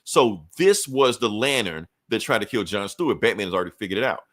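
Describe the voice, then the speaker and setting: A man with a fairly low voice loosely recounting a comic book plot on a podcast. He talks casually, drops in the characters' lines as quick asides, and swears freely. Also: expressive, fairly bright tone. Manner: frequent profanity and fillers. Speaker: podcast host.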